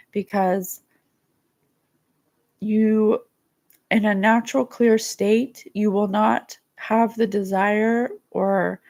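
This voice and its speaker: A psychic host speaks to her listeners in a soft, earnest and emotional tone. Her mid-pitched voice has a gravelly fry running through it. She talks like someone offering heartfelt spiritual advice. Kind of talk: spiritual guidance talk, reading viewer comments.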